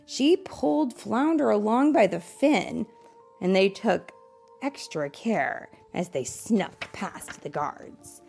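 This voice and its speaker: A young adult mother reading a bedtime storybook aloud, animated, with playful asides. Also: medium pitch, gravelly.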